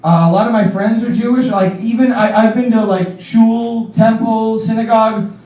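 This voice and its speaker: High-voiced man doing stand-up, echoey. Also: steady tone, moderate pace, dark tone. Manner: rambling, laughing at his own jokes, heavy use of "like". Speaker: stand-up comedian. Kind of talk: stand-up set. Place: comedy stage. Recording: echoey room from far off.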